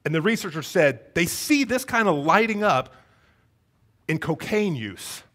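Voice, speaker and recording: Animated man preaching a sermon. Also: on the high side, unhurried. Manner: animated, rhetorical questions to the congregation. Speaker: pastor. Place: church sanctuary.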